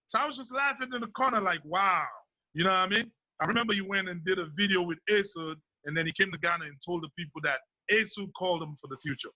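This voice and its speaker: A man's voice: high voice, fast talker, few pauses, pushed and bright, dry recording, poor audio. A man from Sierra Leone, a rapper answering interview questions in a laid-back way, often tagging his sentences with "you know what I mean". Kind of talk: casual interview talk.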